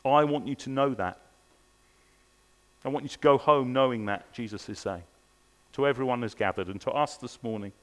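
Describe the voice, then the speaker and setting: A man's voice: mid-range voice, normal speed, long pauses. A man preaching a sermon at a church service, earnest and pressing his listeners with repeated rhetorical questions. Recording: long reverb of a large hall.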